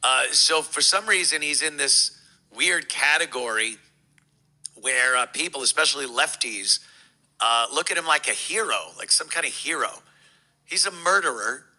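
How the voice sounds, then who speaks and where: A man's voice: fairly high pitch, moderate pace, sharp tone, rough recording. A man giving a heated, profane, mocking reaction commentary.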